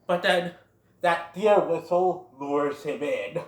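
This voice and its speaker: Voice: mid-range voice, takes it slowly, reverberant. A film reviewer retelling a plot in a casual, chatty way, laughing along. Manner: chatty, laughs at own jokes.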